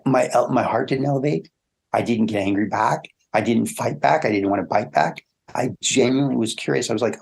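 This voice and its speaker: A man in an interview talks through relationship advice with a gravelly, faintly husky voice. He tells stories with animation and lifts his voice to act out what people think. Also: a little fast. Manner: animated storyteller, acts out quoted thoughts in a higher voice. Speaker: relationship coach guest. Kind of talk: conversational interview.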